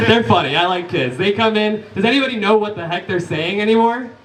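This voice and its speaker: Male stand-up in his thirties: quick one-liners and crowd work, voice pitched fairly high, echoey club, mic picked up from afar. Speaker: stand-up comedian. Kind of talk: live stand-up set. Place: comedy club stage, live audience. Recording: echoey club room, distant capture.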